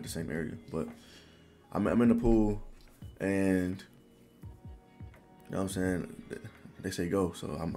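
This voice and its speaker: A young man in his twenties tells a story in loose, animated slang and keeps saying "bro". His voice sits a bit low and has a gravelly fry. Faint music plays underneath. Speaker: vlogger. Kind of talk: casual storytelling.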